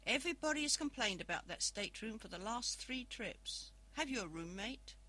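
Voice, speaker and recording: A reader voicing a calm ship's doctor. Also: medium pitch, moderate pace. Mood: puzzled. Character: calm male ship's doctor, middle-aged.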